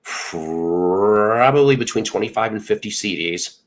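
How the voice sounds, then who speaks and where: Podcast host, middle-aged man, very low voice, animated storyteller who swears freely. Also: measured pace. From Northern Illinois. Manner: animated, profane storyteller acting out dialogue. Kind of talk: casual storytelling chat.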